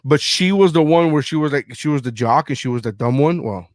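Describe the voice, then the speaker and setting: A man's voice: on the high side, a little fast, no room sound, clean studio sound. A middle-aged man hosting a podcast, telling stories in casual chat and acting out his own lines, swearing freely. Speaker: podcast host.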